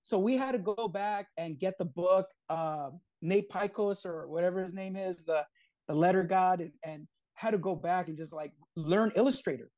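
A man with a high voice tells a story in a casual interview, acting out each person's lines with lively energy. His speech is loose and peppered with swearing. The recording is very dry and close. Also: moderate pace, dry recording. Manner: lively storyteller who acts out quoted dialogue, casual swearing. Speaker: comic co-creator, guest.

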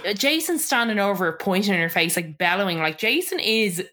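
A woman's voice: mid-range voice, very animated, a little fast, pushed and bright. A woman co-hosting a podcast, casually recapping a reality show as a chatty storyteller who laughs often. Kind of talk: casual chat.

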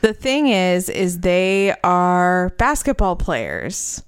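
A woman co-hosts a podcast in an unhurried, blunt way, brushing things off with casual swearing. Her voice is smooth and clear on a close, dry mic. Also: fairly low pitch, sing-song, dry recording. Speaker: podcast co-host recapping episodes.

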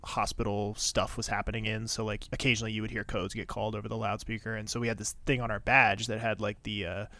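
A man co-hosting a podcast who recaps a TV episode in animated, profane chat and acts out quotes with laughs. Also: lowish voice, fast, few pauses, no echo. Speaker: podcast co-host.

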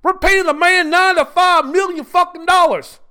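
A man putting on a voice as a ranting Southern male college football fan, hollering with folksy outrage and drawn-out words. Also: extremely high pitch, steady tone, sharp tone, pitched above the performer's own voice. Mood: outraged rant.

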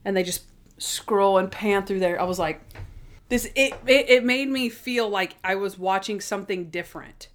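A young woman talks through a TV episode in a relaxed, rambling chat. She fills her sentences with "like" and restarts, sounding easygoing and familiar as a regular co-host. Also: normal speed. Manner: chatty, lots of "like", acts out scenes in high voices. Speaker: podcast co-host. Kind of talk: casual chat.

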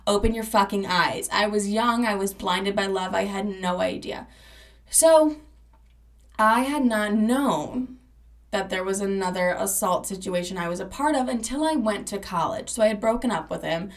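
A woman's voice: medium pitch, lively intonation, moderate pace. A young woman hosts her own podcast and tells her story bluntly, cursing freely and leaning hard on her words. Her voice sits a little back from the mic. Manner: candid and profane, emphatic. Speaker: podcast host. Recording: voice a bit distant from the mic.

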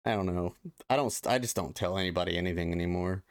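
A man's voice: sits low, quick pace, clean tone, no room sound, clean studio sound. A man co-hosting a podcast, chatting casually in a blunt, emphatic, ranting way. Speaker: podcast co-host. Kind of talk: casual chat.

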